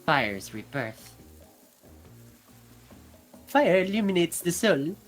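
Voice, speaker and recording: A woman voicing a stern, solemn huntress woman in a put-on Russian accent, slow and heavy. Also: fairly low pitch, very animated, soft background music. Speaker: streamer voicing a game character.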